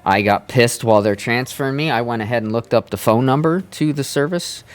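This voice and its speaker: A man's voice: mid-range voice, brisk. A man streaming live, telling a long rant in a casual, exasperated way with plenty of profanity. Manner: exasperated, profane, building anger.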